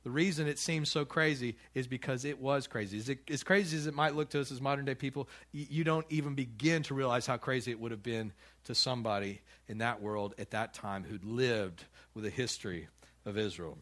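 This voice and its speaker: An American man preaching in a church in an easy, conversational way. He often restarts his sentences and chuckles between his points. His voice sits at an ordinary middle pitch. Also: fairly even intonation, brisk, a bit bright. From United States. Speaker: pastor. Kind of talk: sermon.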